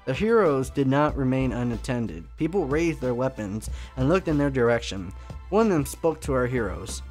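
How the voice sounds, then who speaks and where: A man reading a scripted story aloud in a measured storytelling voice. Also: mid-range voice, very animated, a little mellow, soft background music. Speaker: narrator.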